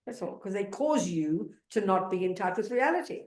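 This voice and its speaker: A woman's voice: medium pitch, lively intonation, moderate pace, a little mellow. Blunt older woman teaching in a roomy hall. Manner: blunt, interrupting, emphatic, talks over the questioner. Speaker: Buddhist nun and teacher. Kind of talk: dharma teaching, question and answer. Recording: roomy echo.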